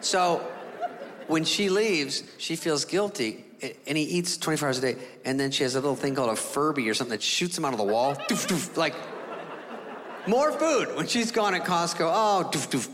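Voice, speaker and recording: A man's voice: on the high side, fairly quick. Sardonic man doing stand-up. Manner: sardonic, animated storytelling. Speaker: stand-up comedian. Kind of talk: stand-up comedy. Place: theater stage with an audience. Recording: reverberant hall with ambient noise.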